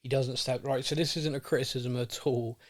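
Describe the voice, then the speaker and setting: A man's voice: mid-range voice, fairly even intonation, a little fast. A man with a West Country English accent co-hosting a casual football podcast, self-mocking and telling stories with acted-out quotes. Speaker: podcast co-host.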